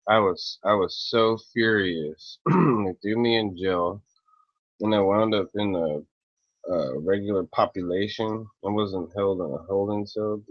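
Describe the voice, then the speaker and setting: Slow, low-voiced man ranting profanely. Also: no echo. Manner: profane, rambling, with frequent throat clearing. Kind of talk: casual angry rant to camera. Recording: dull lo-fi, dry close sound.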